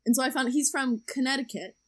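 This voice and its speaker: A woman's voice: high-pitched, fast talker. A young woman telling a dating story in a casual podcast chat, chatty and laughing often. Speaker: podcast co-host.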